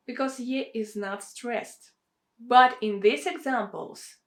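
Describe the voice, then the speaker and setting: Slow, careful woman teaching pronunciation. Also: a little high. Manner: repeats example words slowly and carefully. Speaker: language teacher. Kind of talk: pronunciation lesson.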